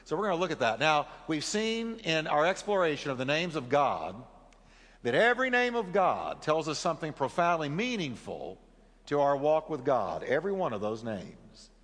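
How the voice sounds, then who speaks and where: A man's voice: on the high side, very animated, normal speed, fairly bright tone, in a large hall. A man preaching a sermon as pastor. He leads the congregation in reading and prayer and speaks earnestly.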